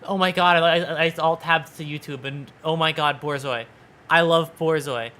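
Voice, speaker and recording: A woman streamer chatting casually on a livestream, quiet and soft-spoken, playful, with halting restarts, at a home desk mic. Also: low voice. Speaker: VTuber streamer. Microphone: desk microphone.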